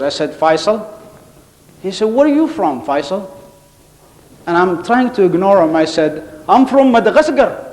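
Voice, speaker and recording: A man's voice: fairly high pitch, a little mellow. A man tells comic stories to a live audience, switching into the voices of his characters. He speaks through a stage microphone, and his voice carries a long reverb from a big hall. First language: Arabic. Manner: storytelling, acting out quoted characters. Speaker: contest speaker. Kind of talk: humorous public speech.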